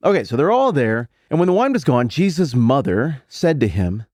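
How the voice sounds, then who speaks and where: A podcast host in his forties, from the American Mountain West or Upper Midwest, works through a Bible passage in a casual, musing monologue with conversational asides. His mid-range voice swings widely in pitch, with a moderate pace and darkish tone, in clean studio audio without echo.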